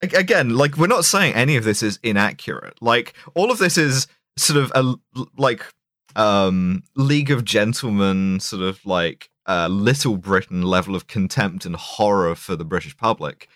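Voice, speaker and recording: A man's voice: on the low side, lively intonation, normal speed, a bit bright, dry recording, studio quality. A man co-hosting a podcast, riffing on a film in mock-academic irony, with many fillers and restarts. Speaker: podcast co-host. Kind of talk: casual comedic film review chat.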